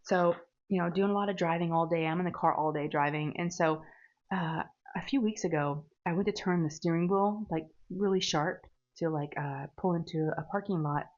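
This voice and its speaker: A woman's voice: lowish voice, normal speed, lo-fi sound. A woman chatting casually while she crafts, rambling and laughing at herself. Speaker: diamond painting crafter.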